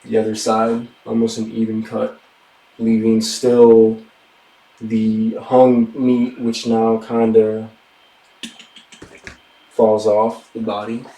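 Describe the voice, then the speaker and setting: Slow, hushed, and deliberate, a man with a lowish voice narrates as game master for a tabletop session. His delivery is totally flat, recorded from afar in a room with plenty of space.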